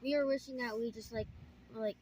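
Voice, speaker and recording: Hesitant woman, higher voice, casual halting storyteller. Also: steady tone, darkish tone, slightly rough. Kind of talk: casual chat.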